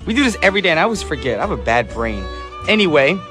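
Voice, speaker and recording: A man's voice: on the high side, sing-song, racing. A man hosting a radio show, chatting casually and upbeat while reading listener messages. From United States. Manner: chatty, upbeat, laughs easily. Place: radio studio. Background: soft background music.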